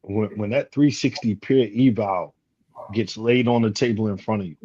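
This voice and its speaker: A man's voice: on the low side, measured pace, a little mellow, breathy edge, lo-fi sound. A man with a military background, speaking earnestly on a leadership panel and restarting words as he begins. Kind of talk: casual panel talk.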